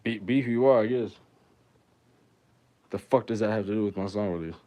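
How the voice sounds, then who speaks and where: A man's voice: lowish voice, a little fast, mellow. A young man, a musician talking to his viewers in a rambling, crude and joking livestream chat. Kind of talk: casual livestream banter.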